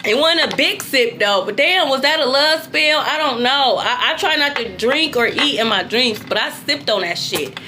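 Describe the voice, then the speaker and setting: A young adult woman telling a story casually to her viewers, animated and slangy, swearing freely and calling them y'all. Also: high-pitched, normal speed, hardly any pauses, slight background noise. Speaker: intuitive tarot reader.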